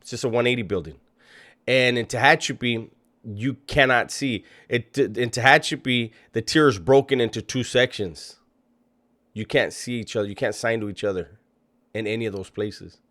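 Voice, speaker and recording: A man's voice: medium pitch, normal speed, fairly bright tone. Man, reaction commentator, mocking, incredulous, profane. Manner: mocking, incredulous, swears freely.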